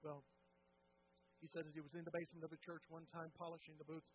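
A high-pitched man preaches in a church, his voice rising and falling as he tells the story. The recording is dull and lo-fi, with a faint hum underneath. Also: fast talker. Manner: animated, acts out quotes with rising pitch and volume, drops to hushed tones. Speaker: pastor. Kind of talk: sermon storytelling. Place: church sanctuary.

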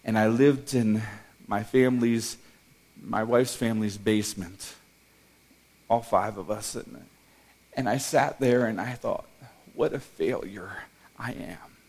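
Emotional, halting middle-aged male pastor. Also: on the low side, steady tone, darkish tone. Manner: emotional, halting, with repeated restarts. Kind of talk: personal testimony sermon.

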